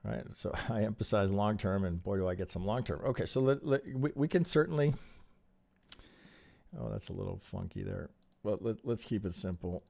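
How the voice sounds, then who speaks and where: On a live stream, a man goes over trading charts, animated and rhetorical, often restarting sentences and tossing in tag questions. His voice is lowish and creaky, his pace fairly quick.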